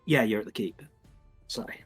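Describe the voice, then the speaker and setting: A man's voice: on the low side, moderate pace, slightly rough, faint music behind. A man running a tabletop game as game master, narrating in a meandering way and searching for words.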